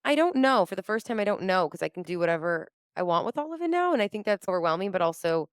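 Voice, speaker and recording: A woman guest on a podcast telling a story in casual chat, animated and laughing often as she acts out her own quotes. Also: mid-range voice, fast, clear, resonant tone, dry recording, clean studio sound. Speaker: podcast guest, comedian and entrepreneur.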